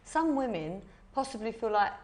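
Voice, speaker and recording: A woman's voice: fairly high pitch, very animated, normal speed, darkish tone. An English woman on a parenting panel, speaking in a modest, matter-of-fact way. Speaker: panel guest. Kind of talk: casual panel chat.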